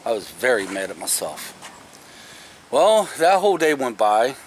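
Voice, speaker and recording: A man's voice: medium pitch, sing-song, unhurried, a little hiss or hum. A middle-aged man vlogging, telling a story casually and emphatically, swearing now and then.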